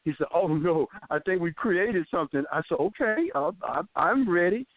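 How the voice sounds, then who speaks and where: A man's voice: sits high, normal speed, no echo. A man in his fifties, a guest on a phone interview, animatedly telling a story and acting out the voices of the people in it. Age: 50s. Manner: animated storyteller who acts out quoted voices. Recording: dry tinny phone line.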